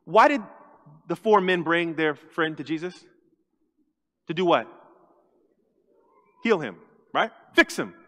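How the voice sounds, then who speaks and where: A man with a high-pitched voice preaches an animated sermon, slipping into comic voices as he acts out little scenes. His words ring with a long church reverb. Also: slow pace, pauses often. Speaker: lead pastor. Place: church sanctuary.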